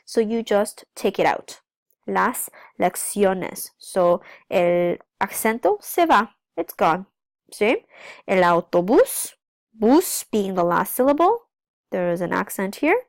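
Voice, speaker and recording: A woman's voice: mid-range voice, big pitch swings, takes it slowly, no echo, studio quality. A woman teaching a language lesson, explaining step by step and often checking in with "okay?", switching between two languages. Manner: switches between English and Spanish. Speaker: Spanish teacher. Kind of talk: recorded classroom lesson.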